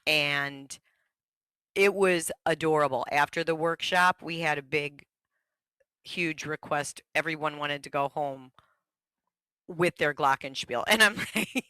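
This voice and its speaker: A woman runs an online music workshop for teachers in a slow, unhurried voice. She keeps slipping into high sung echoes between her talking. Her tone is bright and close, and the room sounds dry. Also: clear, resonant tone.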